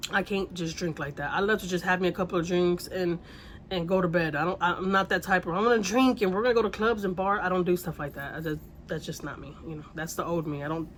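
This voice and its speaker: A woman's voice: lowish voice, fairly even intonation, a little fast, fairly bright tone, slight background noise. Rambling woman telling a story. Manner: rambling, repeats herself, mild swearing. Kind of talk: casual storytime.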